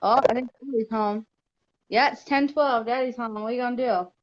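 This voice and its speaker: A woman's voice: on the high side, steady tone, brisk, highs cut off, background noise. A woman, a mother hosting a casual livestream from her home at night, chatting while she gets distracted and talks to her toddler. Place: home living room at night.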